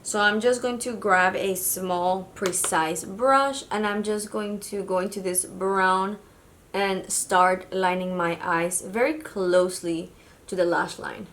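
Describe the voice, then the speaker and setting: A woman from Mexico talks through her makeup routine as a beauty vlogger. She speaks in a mid-range voice, casual and chatty, with little hesitations. She sounds friendly and unhurried. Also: mid-range voice, steady tone, fairly bright tone, slight background noise. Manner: chatty and casual, with fillers like "kind of like". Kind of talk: makeup tutorial narration.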